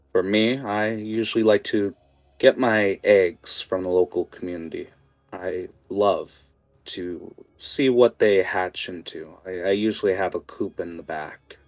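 A man playing a soft-spoken, scarred male cultist in a tabletop game, calm and smooth. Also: sits low, no room sound.

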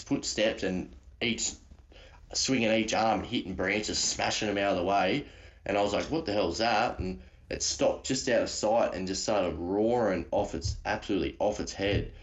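Deep-voiced Australian man, lo-fi call. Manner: rambling, slangy, many restarts. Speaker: guest caller. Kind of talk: casual storytelling.

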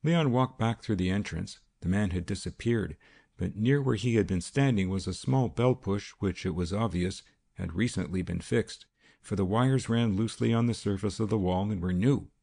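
Deep gravelly male narrator. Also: normal speed, warm tone. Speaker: audiobook narrator. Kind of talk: scripted narration.

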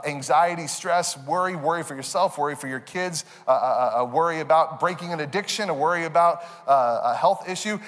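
A man giving a conversational sermon as a pastor, animated and joking with laughs. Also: a little high, long reverb tail. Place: church auditorium.

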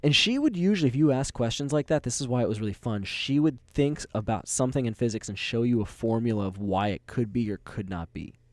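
A man's voice: mid-range voice, expressive, a little fast, few pauses, dry recording. A young man co-hosting a podcast, telling stories in a rambling, casual way with easy swearing and laughter. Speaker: podcast co-host. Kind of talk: casual chat, storytelling.

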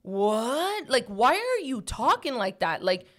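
Bright-voiced emphatic woman, casual chat. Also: on the high side, slow pace. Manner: emphatic, animated storytelling, frequent "like".

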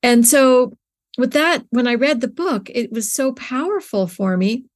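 A woman's voice: fairly high pitch, lively intonation, measured pace. A middle-aged woman speaking as an interview guest, earnest and searching, often restarting her sentences with fillers. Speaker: interview guest, nonprofit co-founder. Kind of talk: conversational interview.

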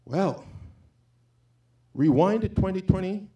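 A man's voice: high-pitched, expressive, slow pace, warm tone. A man giving an informal, impassioned sermon, talking conversationally and quoting scripture. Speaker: preacher.

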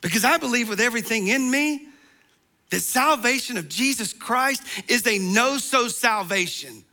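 A man delivers a passionate, emphatic sermon. His voice sits high and sounds bright and forceful. At points he pulls back to a hushed tone for emphasis. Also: lively intonation, normal speed. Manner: impassioned, emphatic preaching, dropping to soft tones for stress. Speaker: preacher.

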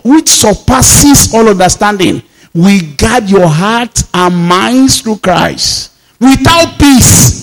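High-voiced pastor preaching emphatically. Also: male voice. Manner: emphatic preaching, repeats phrases and acts out dialogues. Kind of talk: sermon.

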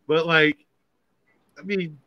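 A man co-hosting a casual podcast interview, laid-back and quick to laugh. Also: on the high side, fairly even intonation, muffled recording. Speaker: podcast co-host. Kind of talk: casual chat.

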